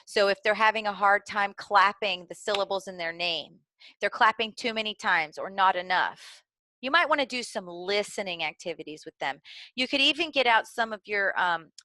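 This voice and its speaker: A woman's voice: medium pitch, expressive, normal speed, sharp tone, no room sound. A middle-aged woman with a Southern American accent, explaining early literacy skills to teachers in an earnest, instructional way. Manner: earnest, explanatory, occasional fillers and restarts.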